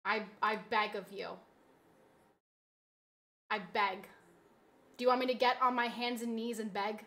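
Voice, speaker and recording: A woman streamer in casual live-stream chat, pleading dramatically with her viewers and swinging from soft begging to loud shouting. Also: on the high side, steady tone, measured pace.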